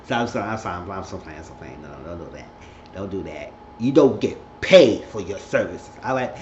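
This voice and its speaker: Animated and brisk, a man with a medium-pitched, slightly mellow voice rambles through a casual vlog recap, constantly putting on voices for the characters. It's a roomy lo-fi home recording with slight background noise.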